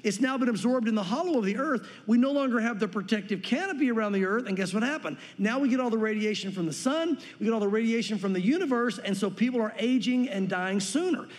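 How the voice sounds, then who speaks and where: A man preaching a sermon as pastor, teaching earnestly and reading scripture slowly and deliberately. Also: sits high, lively intonation. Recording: long reverb in a hall.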